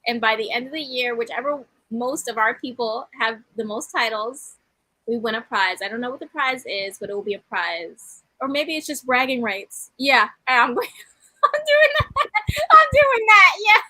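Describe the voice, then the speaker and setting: A woman's voice: fairly high pitch, moderate pace, sharp tone, no echo, poor audio. A woman co-hosting a wrestling podcast, chatting casually in a teasing, easygoing manner. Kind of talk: casual chat.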